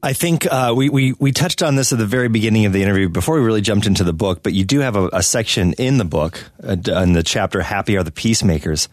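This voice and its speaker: A man with a fairly low voice, heard dry and close with no room sound. He asks an interviewer's question quickly, stumbling into a few restarts as he goes. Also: dry recording. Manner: quick and halting, with repeated restarts.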